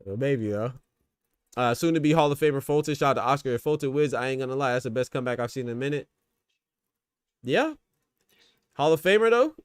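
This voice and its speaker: A man's voice: medium pitch, smooth, dry recording, clean studio sound. A man hosting a boxing podcast, giving loose, slangy live fight commentary and talking to his chat.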